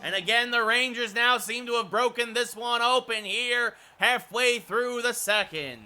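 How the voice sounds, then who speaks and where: Brief: male streamer, thirties, high bright voice, excitable hockey play-by-play. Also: measured pace, soft background music. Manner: excitable play-by-play calls, with asides to chat. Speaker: streamer doing play-by-play of a hockey video game. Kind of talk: sports play-by-play commentary.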